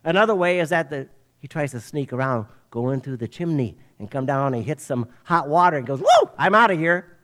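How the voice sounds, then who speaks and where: An older man preaching a sermon, telling a children's story with an animated preacher's delivery. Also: medium pitch, brisk. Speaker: pastor.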